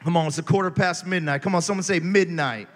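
Male preacher, higher voice, animated sermon delivery, reverberant hall sound. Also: fast talker. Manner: animated, swings from quiet reading to loud exhortation.

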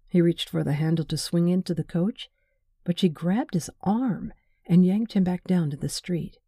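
A woman reading a novel aloud in measured, wry scripted narration. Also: on the low side, dark tone, slightly rough, no echo, clean studio sound. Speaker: audiobook narrator.

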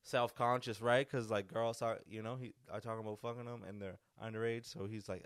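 Low-voiced man swearing through stories. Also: steady tone, fairly quick, hardly any pauses, clean tone, no echo, studio quality. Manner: crude, profanity-laden storytelling. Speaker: podcast host. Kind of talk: casual solo podcast monologue.

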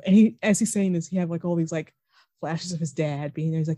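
A woman chats through a TV episode recap, jumping into quick impressions of the characters as she retells the scenes. Her voice sits a touch low and sounds warm and mellow. The recording is dry and close, with no room sound. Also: no room sound. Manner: animated retelling, acts out characters' lines. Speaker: podcast co-host. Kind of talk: casual TV recap chat.

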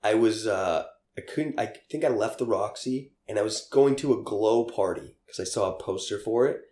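A young man with a somewhat low voice tells loose, rambling stories, full of fillers and quick laughs. The room around him is noticeably echoey. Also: dark tone. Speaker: interviewee. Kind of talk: casual storytelling.

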